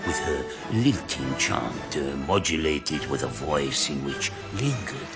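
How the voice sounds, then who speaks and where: A man giving a grand, declamatory reading of an old review, with loud music playing underneath. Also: extremely low pitch, big pitch swings, takes it slowly, creaky, full character voice. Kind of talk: theatrical reading of a period review.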